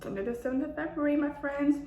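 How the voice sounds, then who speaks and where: In an echoey room with faint ambience and lo-fi sound, a food vlogger in her 20s chats while eating in a casual mukbang. Her voice sits high and mellow, with fairly even intonation and a quick pace.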